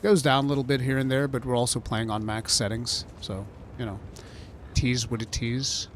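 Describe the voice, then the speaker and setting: A man's voice: mid-range voice, fairly even intonation, fairly quick, a little hiss or hum. A man giving casual, joking commentary while playing a game on stream. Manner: joking, chatty, playful asides.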